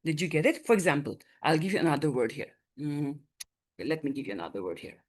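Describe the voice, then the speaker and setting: Patient woman teaching a class, low voice. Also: very animated, fast. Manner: explains patiently, often checks understanding with "okay?". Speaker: English teacher. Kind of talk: live classroom lesson.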